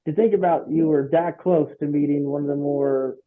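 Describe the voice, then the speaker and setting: A man's voice: on the high side, steady tone, normal speed. A man hosting an interview, reacting briefly and asking prompting questions. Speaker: interview host. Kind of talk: conversational interview. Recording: tinny phone-like line.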